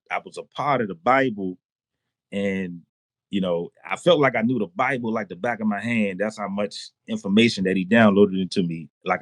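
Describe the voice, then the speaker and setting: A man tells his personal testimony in a lowish voice, with casual slang and bursts of laughter. He gets excited, restarts sentences and repeats himself. The sound is close and dry. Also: dry recording. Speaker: testimony guest.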